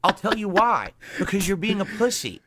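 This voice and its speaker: A man's voice: high-pitched, big pitch swings, normal speed, over a noisy crowd. A man hosting a stream, ranting in exasperation, swearing often and mocking others in quoted voices. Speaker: streamer host. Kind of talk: heated casual rant.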